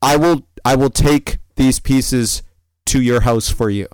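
A man's voice: mid-range voice, slow pace, a little mellow, clear, resonant tone, dry recording, close to an everyday voice, low-quality recording. A man voicing a kind, helpful middle-aged stranger with an attempted Russian-like European accent, speaking in short, broken phrases. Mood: earnest kind.

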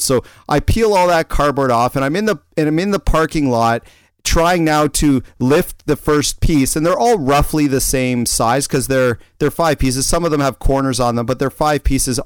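Male co-host, rambling storyteller, smooth voice, dry close sound. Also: mid-range voice, dry recording. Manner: animated rambling storyteller, frequent restarts. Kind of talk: casual chat, personal anecdote.

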